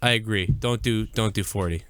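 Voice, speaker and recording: A man's voice: on the low side, normal speed, fairly bright tone, smooth, no room sound. A man co-hosting a live-streamed podcast in casual, crude banter, from the US Northeast. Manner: crude, profane, laughing banter. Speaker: podcast co-host.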